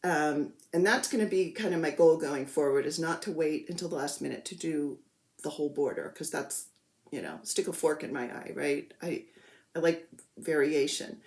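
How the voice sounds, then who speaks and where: A woman's voice: low-pitched, normal speed, darkish tone. Chatty self-deprecating woman in an echoey room. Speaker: cross-stitch vlogger. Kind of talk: casual show-and-tell chat.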